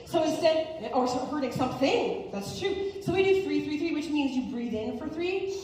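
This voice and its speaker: A woman hosting a family event and speaking as a parent, playful and animated as she talks to children. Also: high voice, brisk, a little hiss or hum. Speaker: host and parent panelist. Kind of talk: lively family event presenting. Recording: echoey hall from far off.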